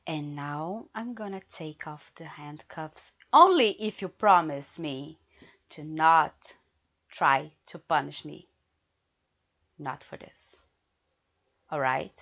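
A woman performing an adult audio role-play in a teasing, commanding manner, swinging between hushed murmurs and loud outbursts. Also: low voice, slow pace, pauses often, lo-fi sound.

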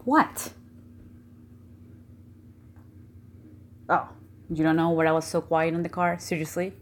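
A young woman acting a jealous, foul-mouthed girlfriend in an audio role-play, swearing constantly and swinging between low mutters and shouting. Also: little pitch movement, a little fast, natural voice. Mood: furious.

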